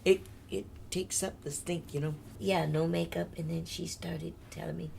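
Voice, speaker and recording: A woman's voice: fairly low pitch, fairly even intonation, moderate pace, vocal fry, mellow, a little hiss or hum. An older woman, a singer, telling her life story in a candid, chatty interview and laughing often.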